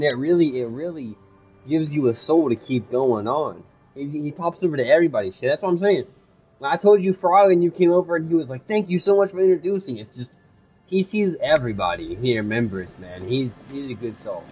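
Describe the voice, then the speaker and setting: A young man live-streaming a game, chatting with his viewers in a loose, rambling way. His voice is husky and mid-pitched, and he gushes and swears casually as he talks into a desk microphone. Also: lo-fi sound. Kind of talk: casual game livestream with read-aloud.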